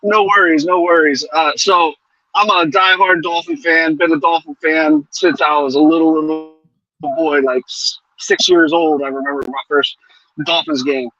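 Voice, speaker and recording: A man's voice: on the high side, fairly even intonation, normal speed, sharp tone, no echo, muffled recording. A man calling in to a sports podcast, talking in an easygoing way as a fan and swearing casually. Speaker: call-in guest. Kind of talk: casual chat.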